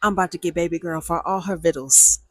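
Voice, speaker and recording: A woman's voice: fairly low pitch, quick pace, no echo, natural voice. A woman voicing a shady male used-car seller who gloats about swindling a buyer, in a sly drawl within a spoken storytime. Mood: gloating.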